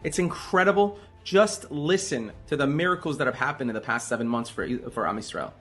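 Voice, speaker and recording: Animated male storyteller, fairly high voice. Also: fairly quick, faint music behind. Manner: animated, emphatic, with sudden swings in loudness. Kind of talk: religious storytelling monologue.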